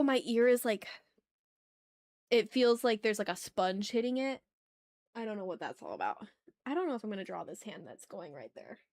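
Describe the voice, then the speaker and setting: A woman's voice: mid-range voice, a little mellow. A young adult woman streaming as she draws, chatting casually and talking through each step aloud, often apologizing with a laugh at herself. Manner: apologetic, self-deprecating asides. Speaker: art streamer. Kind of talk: casual chat while drawing live.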